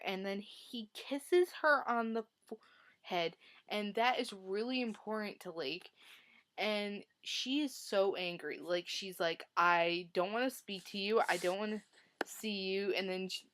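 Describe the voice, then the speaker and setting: A woman vlogging about a novel, talking at an unhurried, drawn-out pace. She fills her sentences with "like" and retells the story with strong emotion. Her voice sits at an ordinary middle pitch. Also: a bit bright. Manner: chatty, heavy use of "like", emotional retelling. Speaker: book reviewer. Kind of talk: casual book review vlog.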